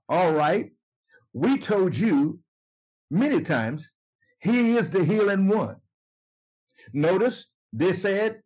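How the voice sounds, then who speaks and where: A man preaching and teaching from the Bible, emphatic and slow to repeat scripture lines. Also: high voice, lively intonation, a little mellow, husky, rough recording. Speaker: apostle and preacher.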